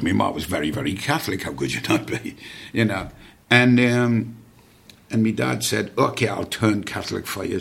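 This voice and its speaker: An older man with a low, creaky voice appears as a podcast guest, spinning long, rambling family anecdotes packed with fillers and restarts.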